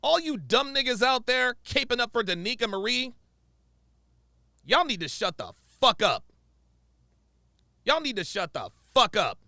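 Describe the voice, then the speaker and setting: A man's voice: very high-pitched, big pitch swings, measured pace, pauses often, pushed and bright, no echo, studio quality. A man giving profane, exasperated reaction commentary, repeating his points with emphasis.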